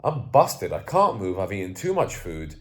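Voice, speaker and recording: Seated at home facing his camera, a young man who works as a self-improvement coach records a candid, groggy vlog full of sneezes and coughs. His low-pitched, fairly bright voice swings widely in pitch at normal speed as he rambles, cusses freely and puts himself down.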